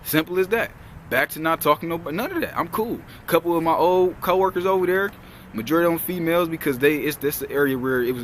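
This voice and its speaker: A man's voice: medium pitch, fairly bright tone. A young man holds forth outdoors in a mid-range voice. He rambles through a heated, swear-heavy story. Faint traffic hums behind him. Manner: heated, profane, rambling retelling. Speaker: vlogger. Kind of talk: casual storytelling.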